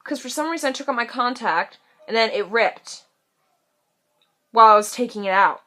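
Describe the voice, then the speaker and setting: Teen girl ranting on her vlog, super bright voice, bounces all over the place, sassy and chatty. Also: fairly high pitch, animated, moderate pace. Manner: chatty and sassy, full of "like", acts out mocking voices. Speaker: vlogger. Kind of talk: casual vlog rant.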